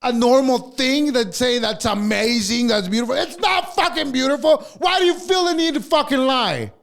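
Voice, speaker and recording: Dude with a super high voice ranting on a podcast, swears nonstop, gets heated. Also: male voice, normal speed, gravelly, a bit bright. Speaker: podcast co-host. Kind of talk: casual podcast rant.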